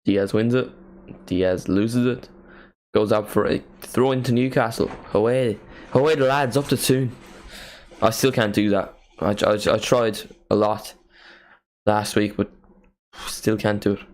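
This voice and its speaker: A man hosting a live match watchalong, giving casual play-by-play commentary with jokey asides and excited calls. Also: lowish voice, a little slow.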